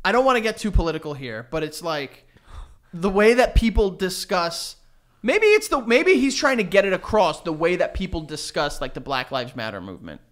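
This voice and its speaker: Podcast co-host, male, high bouncy voice, goofy banter. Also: normal speed. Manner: jokey, animated, slips into silly voices. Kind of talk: casual banter.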